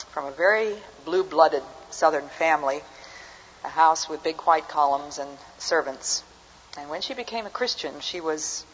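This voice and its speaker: A woman's voice: sits low, husky. An older woman giving a talk to an audience, telling stories with dry humor. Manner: dry, humorous anecdotal delivery. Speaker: speaker. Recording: muffled hall recording with long reverb.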